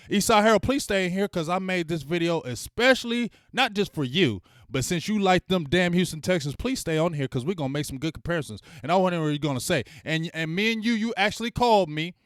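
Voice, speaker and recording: A man hosting a fan channel, ranting bluntly and with plenty of swearing as he heckles rival fans and shouts out viewers in his live chat. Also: sits high, dry recording, clean studio sound. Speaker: sports fan channel host.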